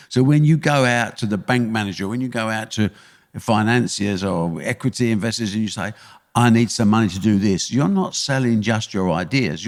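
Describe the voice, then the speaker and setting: An older man with an East London accent tells punchy, blunt stories. His low voice rises and falls a lot. The room has a long, ringing reverb. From England. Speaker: guest, sports promoter. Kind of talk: podcast interview.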